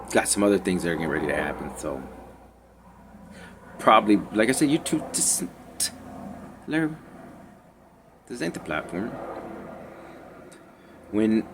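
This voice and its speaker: A man with a deep, gravelly voice rambles through a casual tarot reading, often trailing off, sighing, and dropping into near-whispers. His delivery wanders between sudden emphasis and quiet asides. A faint hiss sits under the recording. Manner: meandering, trails off, sighs often; drifts between loud and hushed. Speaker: spiritual reader.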